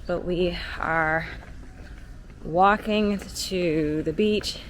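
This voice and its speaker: A woman's voice: fairly low pitch, extremely slow. A woman vlogging casually about a pocket camera, chatty, with reassuring asides to her viewers, partly walking outdoors on a windy beach. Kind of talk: casual product vlog. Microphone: handheld pocket camera mic.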